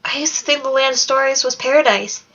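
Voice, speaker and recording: A woman's voice: high voice, fast, a bit bright. A woman reading the lines of an earnest, troubled teenage girl heroine in a storybook. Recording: dull lo-fi recording.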